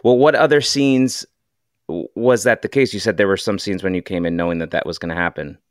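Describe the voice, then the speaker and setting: Deep-voiced man, smooth and dry. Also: fairly even intonation, fairly quick, no room sound. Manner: enthusiastic recapping, asks questions. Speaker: co-host. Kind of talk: casual podcast chat.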